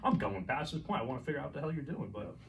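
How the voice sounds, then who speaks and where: A man's voice: medium pitch, animated, racing, vocal fry. A man rambles through a story, cursing and laughing, with a mid-range voice. He sits back from the mic. A faint hiss hangs in the background. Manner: rambling, profane, laughs while telling stories. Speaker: podcast co-host. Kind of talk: casual storytelling chat. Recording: distant mic, faint noise.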